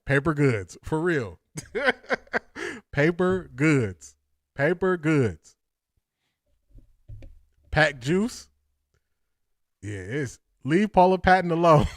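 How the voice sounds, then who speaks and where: Recorded dry at studio quality, this medium-pitched Ohio man runs a laid-back sports talk livestream. He reads and jokes with chat, laughing a lot and repeating lines for effect.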